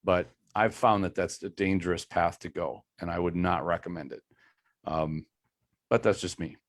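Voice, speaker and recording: Deep-voiced man coaching, measured and dry. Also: fairly even intonation, no room sound. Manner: measured, hedges advice as his own opinion. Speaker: combat coach on a panel. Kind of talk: panel discussion advice.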